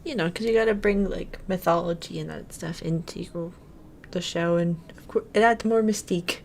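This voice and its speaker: A lower-pitched woman hosting a relaxed show review, speaking conversationally. A faint rumble sits under her voice in the recording. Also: normal speed, vocal fry. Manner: conversational, frequent affirming murmurs. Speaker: podcast host. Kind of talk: casual TV review chat.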